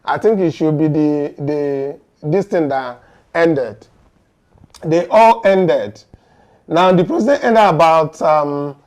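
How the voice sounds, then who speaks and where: Nigerian guy high voice hyped up going over what happened, acts out bits, lots of uh and um. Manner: animated, dramatizes courtroom exchanges, hesitant fillers. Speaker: political commentator. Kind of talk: excited news recap.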